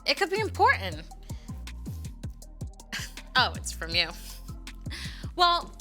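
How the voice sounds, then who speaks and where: A woman's voice: extremely high pitch, huge pitch swings, takes it slowly, pushed and bright, soft background music. A woman co-hosting a children's segment, bubbly and playful in scripted banter. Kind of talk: scripted kids' show banter.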